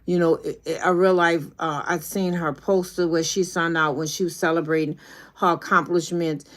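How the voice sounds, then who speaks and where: Give me a middle-aged woman with a lowish voice, preaching folksy encouragement on a livestream. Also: steady tone, moderate pace, fairly bright tone. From New Orleans. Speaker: YouTube coach. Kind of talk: casual livestream talk.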